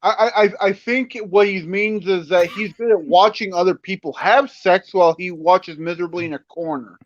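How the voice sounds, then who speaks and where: A man's voice: sits high, moderate pace, no room sound, dull audio. A male guest on a livestream who drops in with dry, sarcastic quips. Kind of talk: casual chat.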